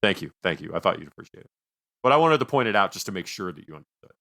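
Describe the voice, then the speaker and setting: A man's voice: deep voice, big pitch swings, very fast, gravelly, sharp tone. A man co-hosting a film podcast, talking casually and rambling with self-mocking jokes. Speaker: podcast co-host. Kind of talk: casual film review chat.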